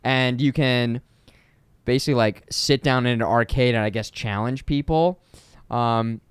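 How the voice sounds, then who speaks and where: A man co-hosting a podcast, talking in a rambling, excitable way with lots of fillers. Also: medium pitch, measured pace, clean tone, no room sound. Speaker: podcast co-host. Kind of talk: casual chat.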